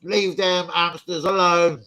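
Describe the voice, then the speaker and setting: A young man hosting a live football watch-along, excitable, swearing and shouting out his viewers by name. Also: sits high, slow, poor audio. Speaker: football fan channel host.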